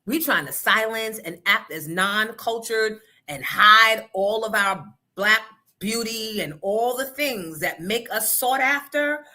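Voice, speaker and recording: Bright, blunt woman talk-show host. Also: fairly high pitch, takes it slowly, hardly any pauses. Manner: blunt, profane, animated storytelling. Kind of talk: casual opinion talk.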